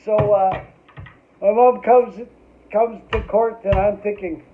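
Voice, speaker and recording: Man with a high, tinny voice. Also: fairly even intonation, slow pace. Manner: rambling and profane, tags lines with "eh". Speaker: storyteller. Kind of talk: casual anecdote. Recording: tinny phone-like sound.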